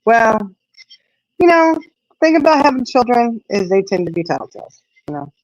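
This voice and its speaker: A woman's voice: fairly high pitch, moderate pace. A middle-aged woman chats casually on her live stream, telling a story with lots of feeling and putting on the voices of the people she quotes. The sound is dull and lo-fi, close and dry, with no room echo. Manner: animated storyteller, acts out quoted voices, frequent "you know".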